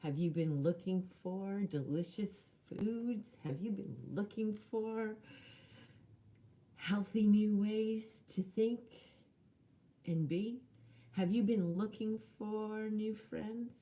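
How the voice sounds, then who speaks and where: A woman's voice: mid-range voice, slow, warm tone. A woman giving a chatty, earnest motivational talk to camera, with laughs and dramatic whispered lines. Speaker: spiritual life coach.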